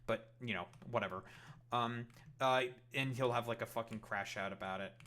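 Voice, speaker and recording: A man's voice: mid-range voice, normal speed, pushed and bright. A man ranting in a reaction commentary, profane and rambling with many fillers.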